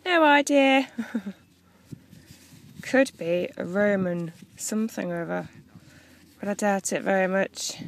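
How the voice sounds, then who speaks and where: A woman with a gravelly, creaky edge to her voice talks slowly and chattily as she digs in an open field. She gets excited over her finds, then sinks into hushed, breathy whispers. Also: medium pitch. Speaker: metal detecting vlogger. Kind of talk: casual outdoor commentary. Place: open farm field outdoors.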